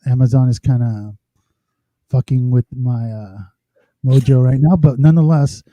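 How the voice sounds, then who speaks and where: A man with a deep, very dark voice co-hosts a live stream in casual chat. He rambles as he fiddles with his sound gear, and his mic sounds dry and close. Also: fairly even intonation, normal speed, no room sound. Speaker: podcast co-host.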